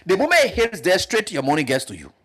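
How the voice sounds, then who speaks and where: A man with a Liberian English accent holds forth on a political talk show panel. His voice sits a little high and swings widely as he hammers home each point with emphatic force. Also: fast, husky. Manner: emphatic, animated, jumps up in pitch to press points.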